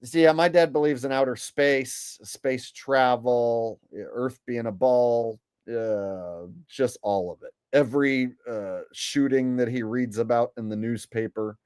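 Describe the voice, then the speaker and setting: A man's voice: mid-range voice, unhurried, few pauses, a little mellow, clear, resonant tone, no echo. A man hosting a commentary video, talking in a crude, sarcastic, profane way. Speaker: commentary host. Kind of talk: mocking commentary.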